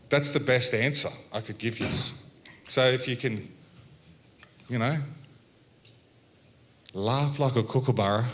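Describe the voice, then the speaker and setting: An Australian man addressing a symposium audience in a loose, storytelling way. He jokes, laughs between points and keeps his voice at an everyday middle pitch. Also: a bit bright. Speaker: Welcome to Country speaker. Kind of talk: relaxed public address with storytelling. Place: health symposium.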